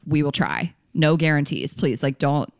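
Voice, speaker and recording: A woman's voice: sits low, moderate pace, dry recording. A woman co-hosting a podcast, chatting casually and giggling between ad reads. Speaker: podcast co-host. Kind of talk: casual chat and read ads.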